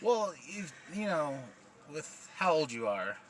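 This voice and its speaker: A man's voice: fairly high pitch, big pitch swings, slow pace, slight background noise. A man hosting a casual podcast chat, swearing freely and laughing often as he tells stories. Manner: profane, laughs often while telling stories. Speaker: podcast host.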